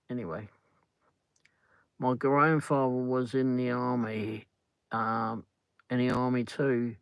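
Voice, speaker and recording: A middle-aged Englishman hosts a casual livestream chat from his car on the drive home, rambling as he answers viewer comments and peppering his talk with "flipping." His voice is medium-pitched, with no echo but a rough recording.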